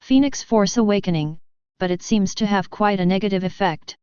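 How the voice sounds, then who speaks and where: A woman reading a fanfiction audiobook in a steady storytelling manner. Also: medium pitch, normal speed, clear, resonant tone, no room sound. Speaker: audiobook narrator. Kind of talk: scripted narration. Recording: dry, dull lo-fi recording.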